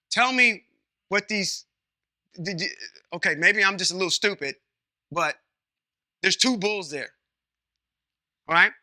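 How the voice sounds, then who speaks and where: Man, bright tense voice, dry close sound, informal bible teacher, asks class questions, folksy comparisons. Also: high voice, a little slow, long pauses, no echo. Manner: conversational, asks the class questions, checks in with "Okay?"; uses folksy everyday comparisons.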